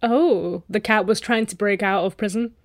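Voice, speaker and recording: A woman's voice: medium pitch, moderate pace, no room sound, studio quality. A woman co-hosting a podcast, telling a story in a joking, casual way and swearing now and then. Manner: jokey, swears, acts out silly voices. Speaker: podcast co-host.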